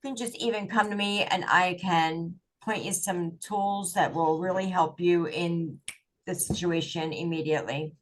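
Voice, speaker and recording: A woman's voice: lowish voice, steady tone, measured pace, a little hiss or hum. A woman who is a life coach, talking earnestly and encouragingly as a guest on a podcast interview.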